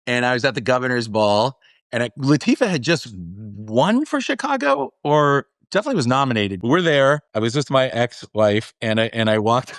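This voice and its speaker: A man hosting an interview, telling a story excitedly and laughing as he talks. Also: medium pitch, no room sound, studio quality. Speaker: podcast host. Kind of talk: casual interview chat.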